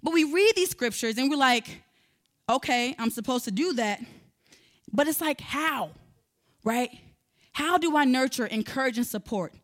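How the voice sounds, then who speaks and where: A woman's voice: sits high, measured pace, pauses often. A woman, giving a sermon-style talk and telling a personal story to her listeners. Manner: animated storyteller, addresses listeners directly. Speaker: speaker teaching on parenting.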